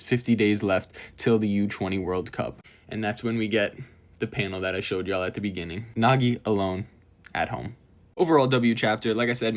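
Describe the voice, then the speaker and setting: A man recapping a manga chapter in a casual, excited way, briefly reading out the characters' lines in quick little voices. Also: fairly low pitch. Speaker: manga reviewer.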